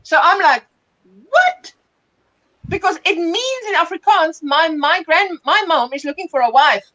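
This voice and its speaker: A woman with a South African accent hosting a casual livestream chat, telling stories with animated bursts of laughter. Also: extremely high pitch, normal speed, lo-fi sound. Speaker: livestream host.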